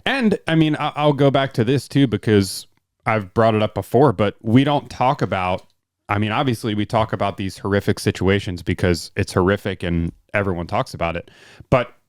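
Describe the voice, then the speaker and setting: A man's voice: on the low side, normal speed, dry recording, studio quality. A man co-hosting a podcast, in casual political chat with chuckling asides. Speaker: podcast co-host.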